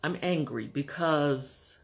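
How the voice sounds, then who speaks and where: A man in his fifties or sixties speaking frankly to his camera at home in a personal vlog, measured and pausing to find his words. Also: a little high, creaky. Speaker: vlogger. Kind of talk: candid personal vlog monologue.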